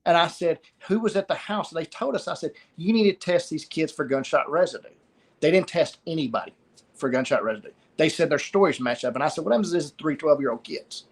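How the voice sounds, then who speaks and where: Higher-voiced man recounting loss. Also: expressive. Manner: halting, repeats words when emotional. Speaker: guest. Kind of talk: telling a personal story.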